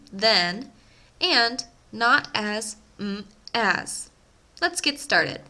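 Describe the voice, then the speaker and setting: A young woman teaching an English grammar lesson, speaking slowly and enunciating each word with care. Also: on the high side, pushed and bright. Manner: slow, carefully enunciated teaching voice. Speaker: ESL teacher.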